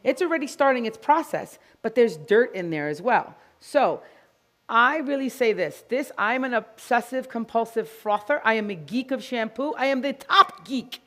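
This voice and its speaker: A woman's voice: a little high, moderate pace. Chatty woman demonstrating dog grooming. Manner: energetic, chatty, jokey. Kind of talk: live grooming demonstration to an audience.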